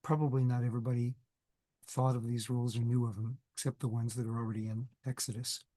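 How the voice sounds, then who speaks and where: A man's voice: medium pitch, flat delivery, fast, warm tone, no echo. A man with a cold giving a recorded lecture, conversational and digressive, often correcting himself mid-sentence. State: has a cold, coughing. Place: indoors, recording for video.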